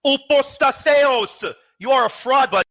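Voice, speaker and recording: Man, high lively voice, scoffing, incredulous, repeats himself, debate clip. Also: fairly quick. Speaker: show host in a played clip. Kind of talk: heated debate talk.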